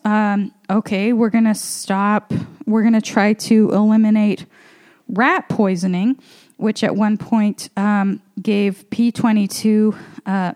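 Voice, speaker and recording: With a dark tone at medium pitch, a woman comedian strolls around her apartment, slightly winded, in a casual spoken monologue. She rambles freely, leaning on fillers and swearing now and then.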